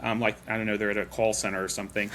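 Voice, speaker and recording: Male podcast host, low-pitched but bright tone, rambling storyteller, faint background noise. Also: level tone, very fast. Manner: chatty storyteller, loose and rambling. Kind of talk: casual chat.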